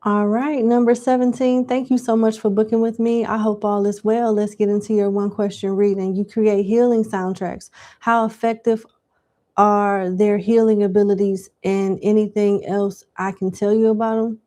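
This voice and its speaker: A woman's voice: medium pitch, flat delivery, moderate pace, warm tone. A woman giving live tarot question readings in a casual, slangy, chatty way. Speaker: tarot reader.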